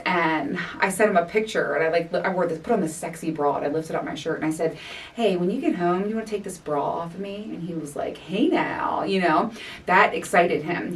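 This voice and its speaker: A woman's voice: fairly low pitch, distant mic. A woman in her forties hosting her own podcast, talking candidly in a casual chat, laughing often and swearing freely. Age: 40s. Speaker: podcast host. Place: home recording space.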